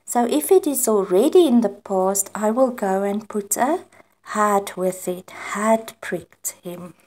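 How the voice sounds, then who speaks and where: A woman's voice: medium pitch, slow, darkish tone. A woman teacher with a South African accent, giving an online grammar lesson and explaining patiently with example sentences. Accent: South African English. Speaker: English teacher.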